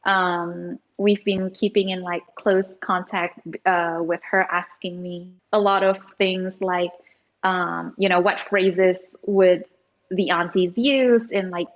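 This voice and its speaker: A woman's voice: fairly low pitch, steady tone, slow, muffled recording. A woman in her thirties, an author guest chatting casually in an interview, giggly and full of fillers.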